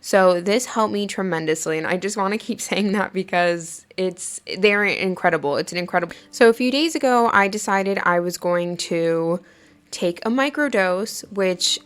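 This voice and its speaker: A woman hosts her own podcast, chatting her way through a personal story at normal speed with a medium-pitched voice. She laughs as she talks and fills her casual monologue with lots of "like."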